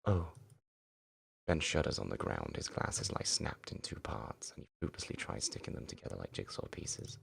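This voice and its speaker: Man streamer, visual novel read-through, dramatic narration, husky, lively intonation. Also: normal speed. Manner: low, dramatic narration with reactions. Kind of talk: reading a visual novel game aloud.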